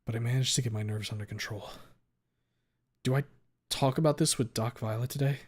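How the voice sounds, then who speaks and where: A man's voice: mid-range voice, fairly even intonation, fairly quick. A man reading a visual novel aloud in the first person, dramatic, cursing freely and sometimes stumbling over words.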